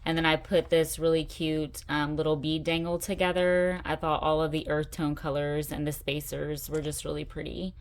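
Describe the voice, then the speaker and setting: A middle-aged woman with a lowish voice, chatty and enthusiastic as she hosts her own craft channel. She talks in a relaxed show-and-tell way, gushing about the details she shows. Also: moderate pace, hardly any pauses. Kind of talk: casual show-and-tell vlog.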